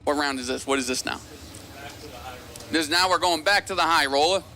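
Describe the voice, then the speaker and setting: A man calling drag races live from the announcer tower, joking, excitable and teasing the racers. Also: fairly high pitch, moderate pace, slight background noise. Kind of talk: live race commentary.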